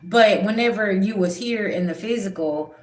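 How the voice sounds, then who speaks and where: A woman's voice: medium pitch, moderate pace, echoey room. A middle-aged woman, a spiritual reader, talking bluntly and animatedly in a casual livestream chat, swearing freely.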